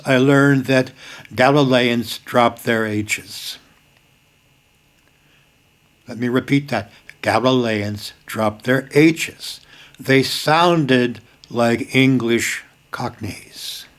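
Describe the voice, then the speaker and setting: An older man talking straight to the camera, emphatic, repeating key lines and breaking into sudden bursts of force. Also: mid-range voice. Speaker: video host. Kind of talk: casual spoken commentary.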